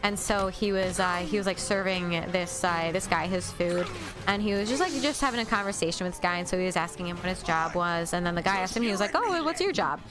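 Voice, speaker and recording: A woman streamer chatting casually during a game stream, telling stories in a lively, talkative way. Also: lowish voice, fast talker, over music. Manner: chatty storyteller who acts out quotes.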